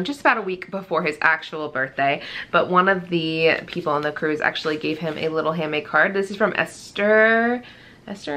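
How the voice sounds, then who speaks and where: A woman's voice: lowish voice, bright, forceful tone. A young adult woman chatting casually in a vlog as she shows off gifts one by one, gushing and chatty, with frequent fillers. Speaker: vlogger. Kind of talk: casual show-and-tell vlog.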